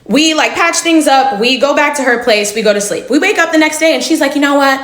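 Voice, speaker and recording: A young woman in her twenties telling a personal story in a chatty, animated way. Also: high-pitched, brisk. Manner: chatty, animated retelling with laughs. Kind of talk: casual storytime. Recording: echoey room.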